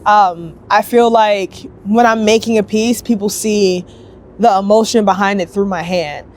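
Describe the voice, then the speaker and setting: A young woman sculptor telling her story in a casual, upbeat interview, chatty and lively, acting out other people's lines as she goes. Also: mid-range voice, slight background noise. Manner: chatty, upbeat, quick bursts, acts out quoted voices.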